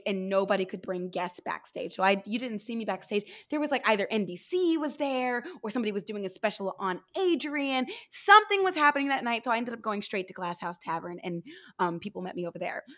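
Casting: effusive woman podcast host, slightly high voice, casual and giggly. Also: expressive, a little fast, fairly bright tone. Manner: bubbly, effusive, laughs often. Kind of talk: casual chat.

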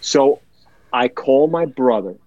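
A man's voice: medium pitch, lively intonation, slow, phone-quality sound. A man telling a heartfelt personal story in a podcast chat, earnest and emotional, repeating words for emphasis.

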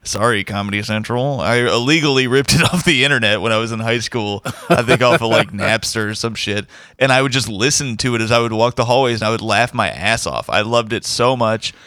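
A man's voice: mid-range voice, a little fast, bright, forceful tone, clean tone, no room sound. A man hosting a podcast, chatting casually and enthusiastically, rambling with fillers. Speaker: podcast host. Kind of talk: casual chat.

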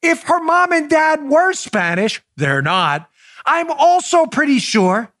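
Animated, high-voiced male podcast host. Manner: incredulous, rapid-fire rhetorical questions; sarcastic, mocking asides. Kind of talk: political commentary monologue.

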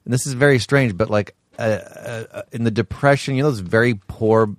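A man's voice: medium pitch, fairly quick, dry recording, studio quality. A man appearing as a podcast guest, talking casually in a hesitant, rambling way. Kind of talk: casual chat.

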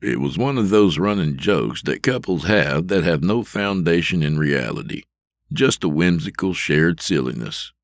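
Very deep-voiced male story narrator. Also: dry recording, studio quality. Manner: steady, measured storytelling. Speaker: narrator, podcast host. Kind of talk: scripted fiction narration.

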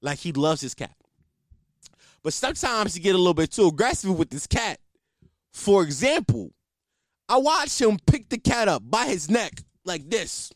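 Animated young man telling funny stories. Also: sits high, moderate pace, dry recording, clean studio sound. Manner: animated, laughs often, swears, slangy. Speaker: comedian. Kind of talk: casual comedic storytelling.

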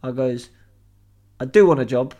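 A young man telling a story on a podcast in an animated, swearing way. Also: mid-range voice, normal speed, lo-fi sound. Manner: animated, swears freely, acts out voices. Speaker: podcast co-host. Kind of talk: casual storytelling chat.

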